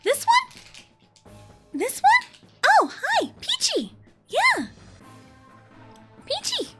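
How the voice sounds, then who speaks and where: A woman putting on a squeaky sweet princess voice. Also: huge pitch swings, drawn-out words, loud music behind the voice, full character voice. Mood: bubbly.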